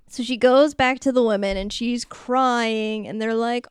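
A woman co-hosting a podcast, casually recapping a film with quick mock voices for its characters. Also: fairly high pitch, fairly even intonation, clear, resonant tone, no room sound, studio quality. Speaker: podcast co-host. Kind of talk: casual movie recap chat.

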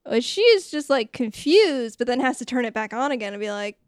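A young woman co-hosting a podcast, recapping a movie in casual chat and slipping into quick voices of the characters. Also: a little high, clean tone, dry recording, studio quality. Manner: animated retelling with quick character voices and laughs. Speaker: podcast co-host.

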